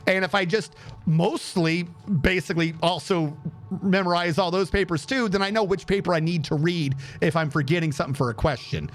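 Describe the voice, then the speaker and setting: High-voiced young man telling a profane story. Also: fairly quick. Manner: animated, profane, acts out quoted exchanges. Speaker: streamer. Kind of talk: casual storytelling while streaming a game.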